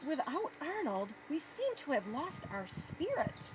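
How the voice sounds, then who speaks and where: A woman voicing a kindly male team coach who speaks gently, like a teacher. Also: sits high, wildly swooping pitch, unhurried, pitched above the performer's own voice, full character voice. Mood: gentle. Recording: noisy outdoor recording.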